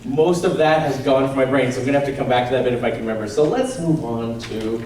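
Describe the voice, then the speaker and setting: A man from Canada doing a stand-up comedy set, animated and self-deprecating, often breaking into laughs. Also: mid-range voice, fast. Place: large convention hall. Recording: echoey convention hall from far off, crowd noise.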